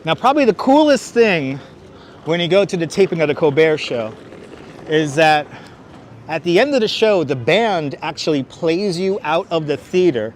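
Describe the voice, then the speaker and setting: A man's voice: a little high, lively intonation, moderate pace, a little hiss or hum. A man with a Brooklyn accent hosting a live walking tour outdoors on a clip-on mic, rambling chattily and answering viewers' questions as he goes. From Brooklyn, New York. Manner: chatty, rambling, answers chat questions aloud, jokey asides. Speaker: livestream walking tour host. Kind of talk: casual live street-tour narration. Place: outdoors on busy city streets. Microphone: wireless clip-on mic, phone on gimbal.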